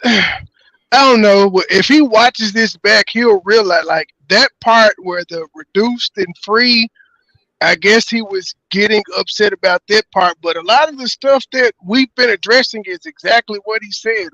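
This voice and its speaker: High, gravelly man on a dull dry mic. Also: unhurried, pushed and bright, dry recording. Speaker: podcast host. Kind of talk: casual podcast chat.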